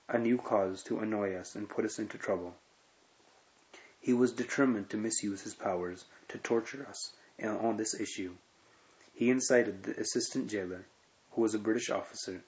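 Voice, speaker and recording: A man reading a first-person prison memoir aloud in a steady, earnest way, with small restarts now and then. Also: fairly low pitch. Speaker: reader of a memoir. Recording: dull lo-fi recording.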